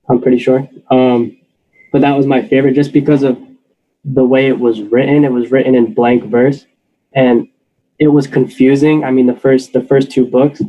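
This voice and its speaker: A man's voice: medium pitch, muffled recording. A young man, a senior student, talking earnestly and hesitantly about his favorite books, with many restarts. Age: young adult. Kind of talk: casual spoken reflection.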